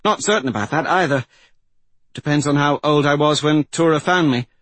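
A man voicing a blunt, quick-talking teenage girl mystic, in a raised, lighter voice. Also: on the high side, fairly bright tone, dry recording, pitched above the performer's own voice. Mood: wry. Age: teen girl figure.

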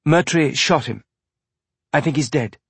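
A man's voice: a little high, unhurried, gravelly, a bit bright, breathy edge, no echo, pitched above the performer's own voice, heavily acted. A man voicing a frightened, earnest young woman explorer who talks in an urgent, breathless way.

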